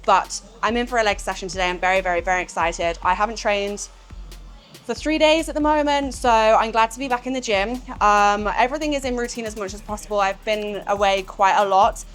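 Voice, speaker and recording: A woman's voice: medium pitch, fairly quick, fairly bright tone, faint music behind. A young woman with an English accent talking casually to camera in a gym, rambling and swearing freely. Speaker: fitness vlogger. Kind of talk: casual vlog chat to camera.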